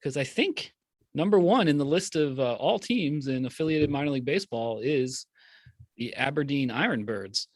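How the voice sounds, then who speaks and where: A man co-hosting a podcast in casual chat, with dry, measured humor. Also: medium pitch, lively intonation, dry recording. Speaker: podcast co-host.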